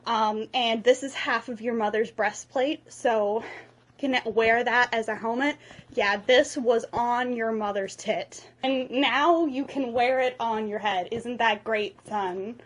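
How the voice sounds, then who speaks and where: A woman voicing a stern Viking chieftain father who dismisses his son, in a crude, mock-solemn deadpan, for a comedic movie retelling. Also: a little high, slow. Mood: mock-tender.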